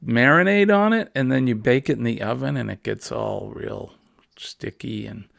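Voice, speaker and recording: A man's voice: mid-range voice, moderate pace, vocal fry, a bit bright, no room sound, clean studio sound. A middle-aged man hosting a casual morning chat show, rambling and jokey. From New England. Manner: rambling, jokey, easily amused. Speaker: host.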